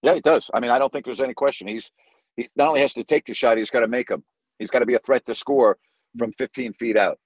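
A male sports radio host with a mid-range voice talks quickly with callers, driving his points home through emphatic repetition. The sports call-in audio is dry studio sound, dull and lo-fi.

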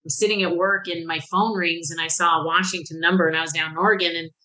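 A woman's voice: lowish voice, fairly even intonation, fast, sharp tone, poor audio. A middle-aged woman telling her life story frankly and emotionally as a guest, swearing casually. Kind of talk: candid personal storytelling.

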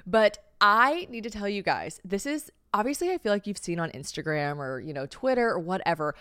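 A woman's voice: mid-range voice, sing-song, a little fast, fairly bright tone, smooth, no echo, clean studio sound. A young adult woman hosting a podcast, telling a story in a chatty, profane, self-mocking way and acting out the voices she quotes. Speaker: podcast host. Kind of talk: casual storytelling chat. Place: Tennessee.

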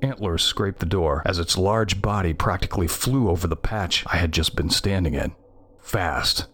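A man's voice: sits low, fairly bright tone. A man narrating a first-person horror story in a tense, scripted reading.

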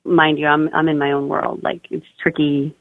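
A young woman tells a personal story in loose, chatty speech, peppered with "like" and "you know". Her voice has a gravelly fry to it. The sound is thin and phone-like, with no room echo at all. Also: deep voice, flat delivery, moderate pace. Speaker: guest. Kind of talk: personal birth story told in an interview. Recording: tinny, dry phone-line audio.

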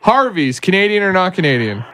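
A man's voice: high-pitched, very animated, brisk, very noisy. A man co-hosting a morning radio show, reading quiz questions in a playful, teasing way. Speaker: radio co-host running a quiz.

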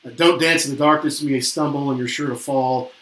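A man's voice: medium pitch, steady tone, fairly quick, fairly bright tone. A man co-hosting a casual album review chat, musing and hesitant, often reading lyrics aloud. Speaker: podcast co-host reviewing an album. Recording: roomy echo.

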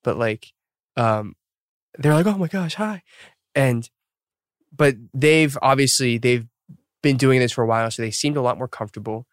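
A podcast host in his thirties speaks at a normal pace with a clear, resonant, mid-range voice and fairly even intonation, leaving long pauses. In casual chat he rambles with plenty of fillers and laughs at himself, recorded studio-quality with no echo.

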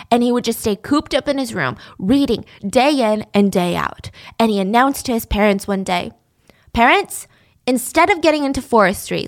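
A young woman telling a story in a chatty, sarcastic way with lively asides. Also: fairly high pitch. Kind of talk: casual storytime narration.

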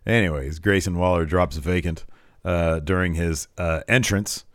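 A man's voice: moderate pace, dry recording, studio quality. A man co-hosting a podcast, chatting casually about a wrestling show and acting out what was said. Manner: animated, acts out quotes with big pitch jumps. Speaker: podcast co-host. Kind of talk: casual wrestling recap chat.

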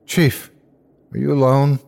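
A man's voice: medium pitch, completely flat delivery, measured pace, creaky, a little mellow, voice pushed up. A man plays a scared, breathless hero in a horror audio story. He speaks urgently, pressing and tense, close to his own plain voice. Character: frightened man, the story's first-person hero.

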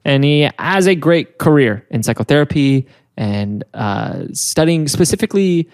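A man's voice: on the high side, animated, measured pace, a little mellow. A young man co-hosting a comedy podcast, telling a story in a rambling, casual way with lots of fillers. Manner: rambling, many fillers, giggles often.

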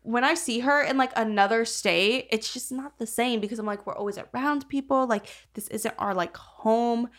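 Woman, young adult, podcast co-host, casual rambling chat, lots of fillers, fairly high voice. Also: normal speed, hardly any pauses, a bit bright. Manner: rambling, filler-heavy, swears freely.

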